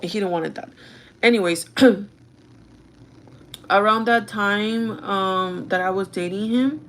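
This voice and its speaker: A woman's voice: mid-range voice, slow pace, a bit bright, slight background noise. A young woman rambles through a personal story for her vlog. She talks casually, drops in plenty of fillers, and slips between languages mid-sentence. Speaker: vlogger. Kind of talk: casual chat.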